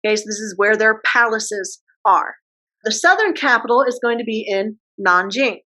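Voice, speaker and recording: A woman history teacher giving a casual classroom lecture, posing quick questions and using slang. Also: fairly high pitch, expressive, bright, forceful tone, low-quality recording.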